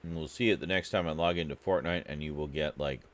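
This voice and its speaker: A Canadian man with a very deep, low voice chats while he streams a game. He rambles, swears freely and pokes fun at himself in a loose, casual way. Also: fast talker, slight background noise. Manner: rambling, profane, self-mocking. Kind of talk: casual chat while gaming.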